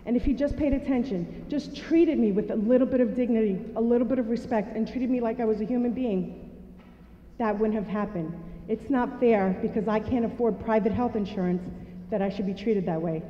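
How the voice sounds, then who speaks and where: A woman's voice: a little high, brisk. Woman telling her story in an echoey hall. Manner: animated storyteller who acts out dialogue. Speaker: speaker sharing a personal story. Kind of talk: personal testimony speech to an audience. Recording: echoey hall, dull sound.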